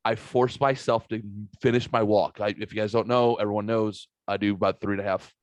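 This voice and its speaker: Male podcast host from the Saint Louis area, casual storyteller, lively and profane, dry close mic. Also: lowish voice, brisk, no room sound. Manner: animated, swearing, acts out quotes. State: recovering from a sinus virus.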